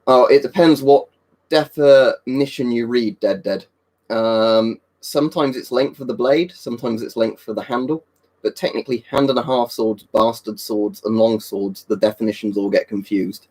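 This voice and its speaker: A man's voice: mid-range voice, moderate pace, darkish tone. A man chatting casually on a live stream in a rambling, talkative way, answering viewers' questions and swearing now and then. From Britain.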